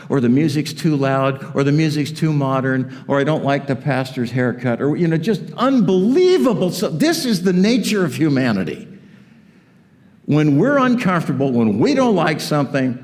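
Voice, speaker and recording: A male pastor preaching a sermon in an animated, conversational way with joking asides, in a church auditorium. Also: mid-range voice, moderate pace. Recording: long reverb of a church hall.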